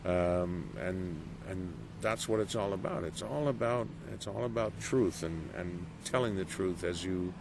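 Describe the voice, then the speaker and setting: A middle-aged man giving a casual interview as a voice actor, animated and storytelling, acting out quoted reactions. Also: low-pitched, unhurried, vocal fry, hardly any pauses. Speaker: voice actor guest. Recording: noisy background.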